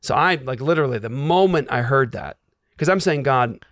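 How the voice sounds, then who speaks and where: A man's voice: medium pitch, animated, brisk, fairly bright tone, no room sound, clean studio sound. A man, a guest, telling a personal story in an earnest, emotional way with lots of "like"s. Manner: earnest, emotional, filler-heavy with many "like"s. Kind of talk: casual storytelling.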